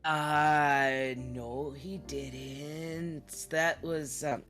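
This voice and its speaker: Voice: medium pitch, steady tone, drawn-out words, a bit bright, faint music behind. A tabletop role-playing player who speaks bluntly in character, swears heavily, and stalls on fillers while explaining. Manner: blunt, profane, hesitant with fillers.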